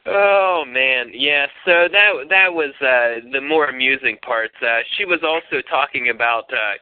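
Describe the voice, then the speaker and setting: A man's voice: medium pitch, unhurried, clear, resonant tone, no room sound. A man hosting a radio show, telling a story in casual chat with lots of profanity and laughter. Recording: tinny phone-like radio audio.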